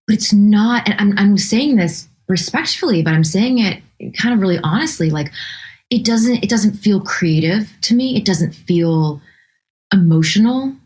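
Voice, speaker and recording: A woman composer being interviewed, talking in a chatty, animated way with frequent restarts and laughs. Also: medium pitch. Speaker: guest composer. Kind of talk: casual interview chat.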